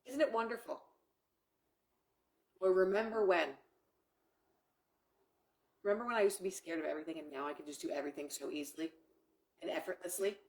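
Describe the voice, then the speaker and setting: A woman's voice: sits low, fast, pauses often, a little mellow. A middle-aged woman coaching a live audience on affirmations, enthusiastic and repetitive, with casual swearing. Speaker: self-help coach.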